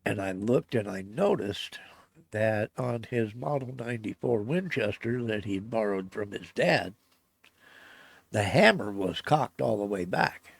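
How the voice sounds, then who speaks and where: A man's voice: lowish voice, lively intonation, a little slow, no echo. A middle-aged man telling a personal story in casual speech, blunt and swearing often. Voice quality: gravelly. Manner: blunt, swears constantly, grows heated and loud. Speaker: storyteller recounting a personal event.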